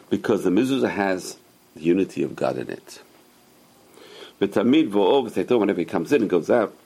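Gravelly, husky man teaching scripture. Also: deep voice, darkish tone. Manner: emphatic, repeats key phrases. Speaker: religious teacher. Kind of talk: Torah class lecture.

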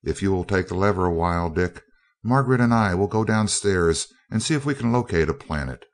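A calm, formal, cautious man, as a male reader puts him on. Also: low-pitched, a little fast.

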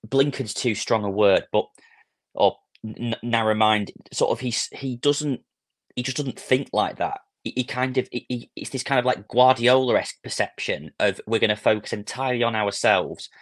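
A man's voice: mid-range voice, no echo. A man co-hosting a football podcast, choosing his words carefully and hedging. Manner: measured, hedging. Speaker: podcast co-host. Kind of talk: casual football chat.

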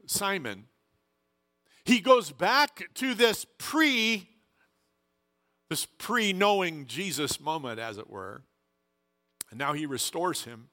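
A man preaching a sermon as a pastor, emphatic, building up in pitch and loudness for emphasis, with frequent restarts.

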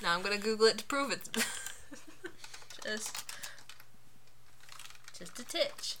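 Bright-voiced chatty woman podcaster. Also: mid-range voice, takes it slowly, a little hiss or hum. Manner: chatty, laughs often, rambling asides. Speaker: podcast co-host. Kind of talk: casual chat.

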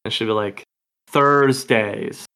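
A man's voice: medium pitch, moderate pace, a bit bright. A man co-hosting a casual film podcast, chatty and loose, swearing now and then. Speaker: podcast co-host.

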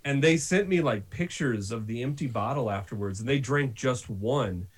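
A man in a relaxed podcast conversation, telling long anecdotes with animated energy and frequent laughter. His voice sits in a middle pitch. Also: normal speed, breathy edge. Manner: animated storyteller, laughs often. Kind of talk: casual chat.

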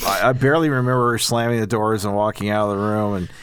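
A man's voice: fairly low pitch, fairly even intonation, quick pace, a bit bright. A man co-hosting a casual talk about faith, recovery and marriage, who speaks earnestly and a bit preachily in long explanatory stretches. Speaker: podcast co-host.

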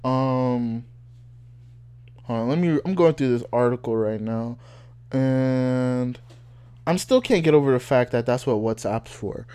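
A young man from Nigeria chatting casually and joking, laughing often, animated and wry. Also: mid-range voice, measured pace, long pauses, clear, resonant tone. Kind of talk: casual chat.

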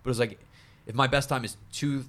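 A man's voice: medium pitch, fairly even intonation, fast talker, a bit bright. A man co-hosting a comedy podcast, telling rambling stories in casual chat. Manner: rambling storyteller, acts out childhood voices. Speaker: podcast co-host.

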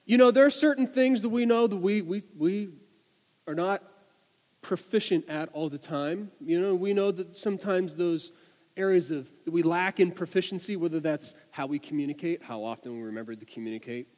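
A man giving a sermon, telling an anecdote with lively delivery and many restarts and repeated words. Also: sits high, moderate pace, in a large hall, low-quality recording. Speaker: preacher. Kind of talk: sermon with storytelling.

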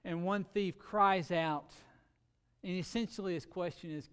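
A man preaching a sermon earnestly, with sudden shifts between loud emphasis and quiet, drawn-out words. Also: sits high, steady tone, clear, resonant tone, long reverb tail. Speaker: pastor.

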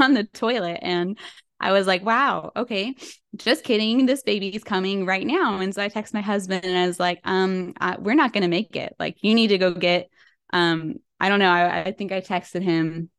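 A woman's voice: lowish voice, no room sound, studio quality. A woman guest on an interview podcast, telling a personal story in a chatty way with many fillers and small laughs. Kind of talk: casual storytelling.

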